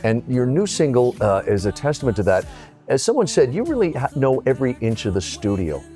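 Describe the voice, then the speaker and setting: A man's voice: mid-range voice, very animated, a little fast, warm tone, soft background music. A man in his fifties hosting an arts show, asking questions in an enthusiastic, rambling way and often interrupting himself.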